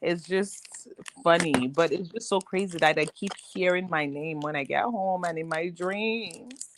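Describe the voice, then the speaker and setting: A young woman and teacher chatting casually as a podcast co-host, telling animated stories and acting out other people's voices. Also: fairly low pitch, measured pace, noisy background. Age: young adult. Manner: animated storyteller, acts out voices. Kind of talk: casual chat.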